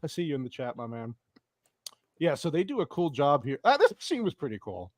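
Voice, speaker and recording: A man's voice: a little high, huge pitch swings, brisk, no echo, studio quality. A young man hosting a live stream, giving rambling, profane commentary on a movie and laughing often. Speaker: streamer host. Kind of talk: casual movie watch-along commentary.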